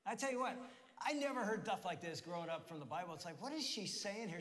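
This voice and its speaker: A pastor with a slightly higher male voice tells a comic story from the stage. He swings from hushed asides to bursts of laughter. His voice rings with the long reverb of a church hall. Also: quick pace. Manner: lively storyteller, laughing at his own anecdotes. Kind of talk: sermon with personal stories. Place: church auditorium.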